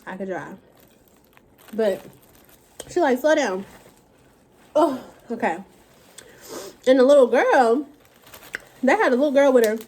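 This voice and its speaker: Animated young woman ranting, slightly high. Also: unhurried, long pauses, husky. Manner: animated, profane, dramatic retellings. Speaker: vlogger. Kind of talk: casual storytime rant.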